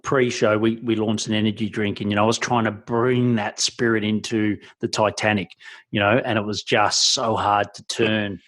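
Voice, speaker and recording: Man, podcast host, lowish voice, chatty and loose, lots of fillers. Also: level tone, moderate pace, a bit bright. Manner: chatty, loose, full of fillers like "look" and "you know". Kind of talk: casual interview talk.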